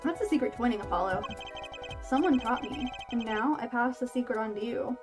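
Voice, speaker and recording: Phoenix Wright, read by a woman calm and cryptic. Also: on the high side, brisk, lightly acted. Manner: laid-back, teasing, mysterious. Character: calm, cryptic man, a former lawyer turned poker player. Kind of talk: reading game dialogue aloud. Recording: game music playing behind.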